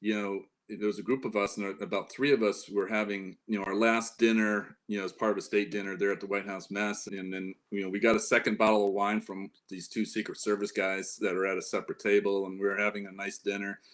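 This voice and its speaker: A man's voice: lowish voice, little pitch movement, fairly quick, hardly any pauses, fairly bright tone. A middle-aged man from Upstate New York, telling long anecdotes in a casual interview, full of fillers and restarts. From Upstate New York, near Lake Ontario. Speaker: interview guest, former White House staffer.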